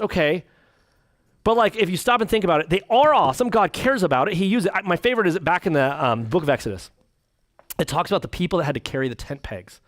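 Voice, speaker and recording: A man, a pastor, teaching a church class, reading quotes and joking between them in quick put-on voices. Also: high-pitched, dry recording, clean studio sound. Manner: animated, jokey, acts out quick voices.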